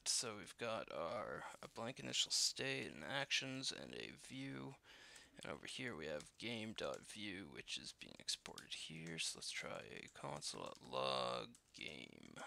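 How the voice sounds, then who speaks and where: A man's voice: on the low side, vocal fry, pushed and bright, a little hiss or hum. A man walking through code as he builds a game, thinking aloud with lots of fillers and self-deprecating asides. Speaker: programmer live-coding a game. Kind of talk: casual coding walkthrough.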